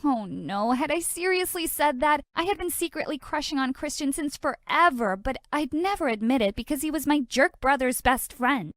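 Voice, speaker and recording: A woman narrating an animated storytime in a dramatic, sassy, exclamatory manner. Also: high-pitched, normal speed, hardly any pauses, no echo, studio quality.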